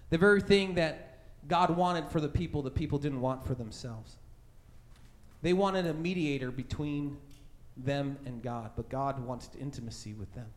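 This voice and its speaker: Telling a story from his childhood, a male pastor voices scared characters during a casual, conversational sermon peppered with "right?" and "like." He speaks unhurriedly at a medium pitch.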